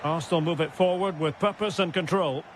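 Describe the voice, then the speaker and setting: A man's higher voice, fairly even in intonation and a little fast, carries this recorded play-by-play of a football video game. He calls names crisply and shouts goal calls, with a bit of hiss or hum.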